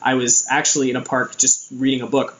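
A man's voice: medium pitch, little pitch movement, fairly quick, a bit bright, reverberant, low-quality recording. A young American man telling a casual story about his time abroad, rambling with lots of fillers and restarts. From United States. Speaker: vlogger.

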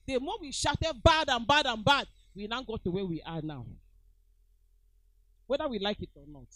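A woman's voice: fairly high pitch, expressive, brisk, dry recording, low-quality recording. A middle-aged woman with a Nigerian accent preaching a sermon, emphatic and repeating her phrases as she calls out to the congregation.

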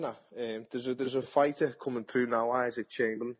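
A man's voice: mid-range voice, steady tone, a little fast. A man, a boxer talking bluntly and chattily in an interview, often repeating his words. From England. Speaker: boxer and TV pundit. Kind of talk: casual interview.

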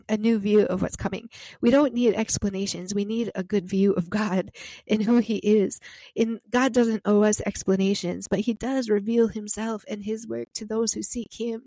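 A woman's voice: a little high, mellow, no echo. A woman reading scripture aloud and explaining it in an earnest, emphatic teaching style. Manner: earnest, emphatic, piling up phrases. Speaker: Bible teacher. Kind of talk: Bible reading and devotional teaching.

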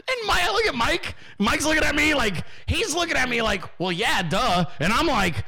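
A man hosting his own show, telling a story in a casual, profane, animated monologue. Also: very high-pitched, moderate pace, vocal fry, hardly any pauses, a little hiss or hum. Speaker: podcast host.

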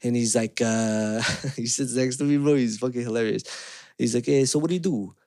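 A man hosts a relaxed podcast chat, spinning stories in slang and acting out what others said. His voice sits mid-range and the sound is dry and close. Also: medium pitch, moderate pace, no room sound. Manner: animated storyteller, slangy, acts out quotes. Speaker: podcast host.

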